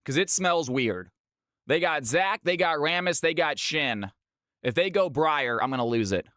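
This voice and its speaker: Upbeat guy from california casting a game on stream, bright punchy voice, bone dry mic. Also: on the high side, expressive, measured pace, no echo. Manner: upbeat, chatty, talks straight to chat. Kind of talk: live esports play-by-play commentary.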